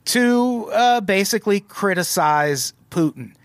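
A man's voice: sits high, expressive, takes it slowly, dry recording. A man hosting a casual chat, sardonic and loose, swearing freely. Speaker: podcast host.

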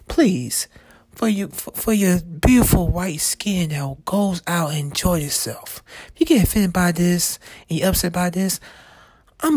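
A man's voice: high-pitched, no echo, studio quality. A man delivering a heated, profane monologue to camera, repeating himself and building in intensity. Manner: angry, profane, emphatic ranting.

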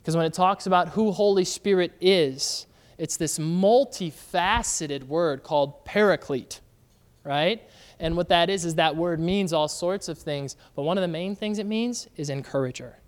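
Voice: mid-range voice, a little slow. A pastor preaching a sermon in a casual, conversational way, often throwing questions out to the congregation. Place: church sanctuary. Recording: long reverb of a large church hall.

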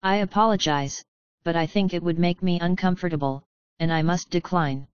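A woman's voice: fairly low pitch, moderate pace, clean tone, no echo, natural voice. A woman voicing a polite, awkward young male wizard officer, stiffly courteous and anxious. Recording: slightly dull, dry studio sound.

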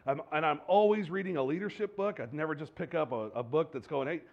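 A fairly high-voiced pastor speaks to his church at a quick pace as if chatting with them, using rhetorical questions. He keeps stumbling, starting over and laughing at his own errors, and the audio is dull and lo-fi with the treble rolled off.

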